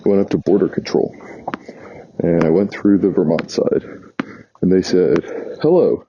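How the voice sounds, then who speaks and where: A New York vlogger's low, warm, breathy voice carries fairly even intonation at normal speed. He rambles through a travel anecdote in a chatty way, regularly correcting himself, on a dull lo-fi recording.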